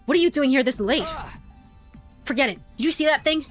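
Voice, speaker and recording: A woman reading the lines of a worried young male student who asks hurried, earnest questions. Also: high-pitched, soft background music, voice pushed up, close to an everyday voice. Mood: urgent.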